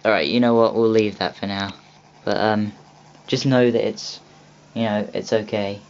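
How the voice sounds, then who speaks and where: A man's voice: on the low side, fairly even intonation, moderate pace. A young man hosting a casual video walkthrough of a game store, rambling with many ums and restarts. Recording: dull lo-fi home recording with faint hiss.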